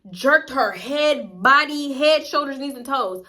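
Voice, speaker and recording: A woman's voice: high-pitched, expressive, slow, pushed and bright. A young woman vlogger telling a storytime tale casually, profane and gossipy, acting out what people said.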